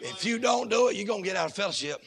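A man preaching a sermon in church, fervent and folksy, swinging between shouted lines and low asides. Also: lively intonation, rapid-fire, vocal fry, breathy edge.

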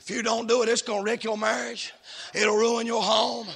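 A man preaching a sermon in church, fervent and folksy, swinging between shouted lines and low asides. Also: normal speed, gravelly.

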